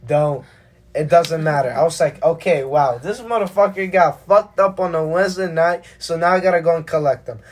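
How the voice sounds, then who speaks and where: A young adult host rattles off a story for friends, swearing freely and acting out every beat. The voice sits at an ordinary middle pitch and sounds relaxed and conversational. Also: a little fast, hardly any pauses. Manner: profane, animated anecdote telling. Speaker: podcast host. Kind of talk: casual storytelling chat.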